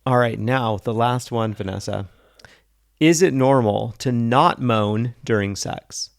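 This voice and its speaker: A man's voice: mid-range voice, slow pace, vocal fry. A man co-hosting a podcast, bantering with his wife in a joking, self-deprecating way. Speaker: podcast co-host. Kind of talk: casual podcast chat.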